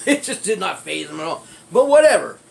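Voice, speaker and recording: A man's voice: fairly high pitch, lively intonation, normal speed, vocal fry, fairly bright tone. A man telling a personal street story in a rambling, profane way, laughing often as he talks. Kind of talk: casual storytelling.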